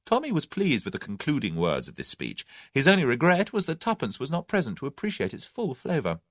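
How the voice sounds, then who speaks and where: Expressive male audiobook narrator. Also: mid-range voice, brisk, dry recording, clean studio sound. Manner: expressive, dramatic reading. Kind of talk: scripted narration.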